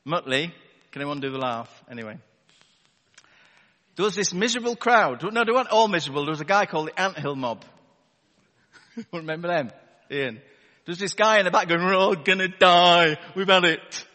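A man's voice: fairly high pitch, animated, fairly quick, pauses often, sharp tone. Wry, chatty male preacher in a reverberant hall. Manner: conversational and wry, asks the congregation rhetorical questions. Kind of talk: sermon. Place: church hall with a live congregation. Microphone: wireless battery microphone. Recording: long reverb of a large hall.

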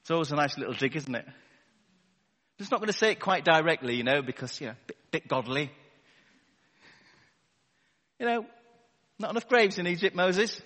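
Male preacher, slightly high voice, chatty and wry with rhetorical asides, live in a big echoing church hall. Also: big pitch swings, normal speed, pauses often, bright, forceful tone. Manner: conversational and wry, asks the congregation rhetorical questions. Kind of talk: sermon. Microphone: wireless battery microphone. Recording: long reverb of a large hall.

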